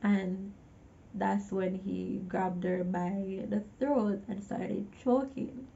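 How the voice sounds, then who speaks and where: A woman's voice: medium pitch, fairly even intonation, slow, gravelly, mellow, highs cut off. A woman giving a casual movie recap, chatty, with exasperated asides to the viewer. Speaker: movie reviewer.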